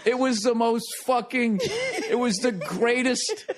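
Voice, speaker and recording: A man with a notably high speaking voice tells a story on a podcast. He laughs through it, swears freely, and acts things out with sound effects. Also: big pitch swings, slow pace, crowd noise. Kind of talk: animated storytelling.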